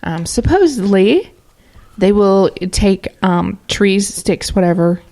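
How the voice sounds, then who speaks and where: A woman's voice: mid-range voice, lively intonation, slow, dark tone. A woman co-hosting a paranormal radio show who tells a story in a chatty, rambling way with many fillers. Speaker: co-host. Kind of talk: casual podcast chat.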